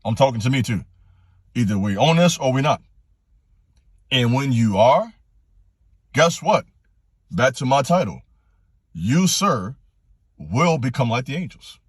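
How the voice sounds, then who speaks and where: A man delivering a fired-up motivational monologue, hammering the same commands over and over. His voice sits at an average pitch and jumps much higher when his passion peaks. The sound is dry and close, with no room echo. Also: very animated, a little slow, long pauses, breathy edge. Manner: direct, preachy, repetitive exhortations, rising to passionate pitch. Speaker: channel host giving motivational talks.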